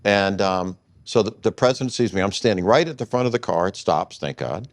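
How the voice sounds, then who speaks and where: A man in his sixties shares a personal story as an interview guest. His voice sits low, and he tells it at an easy pace. He acts out the lines he quotes from others. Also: brisk. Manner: relaxed anecdotal storytelling with quoted dialogue.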